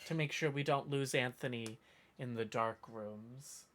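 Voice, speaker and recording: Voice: mid-range voice, a little slow, a bit bright, slight background noise. A livestreamer rambling in casual chat with viewers, playful and full of mock outrage and self-interruptions.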